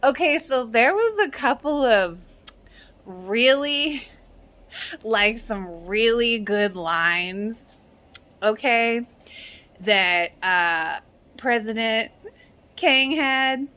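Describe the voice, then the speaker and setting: A woman giving a frank, casual video review, excitable and swearing freely, often breaking into squeals and laughter. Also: on the high side, drawn-out words, pauses often.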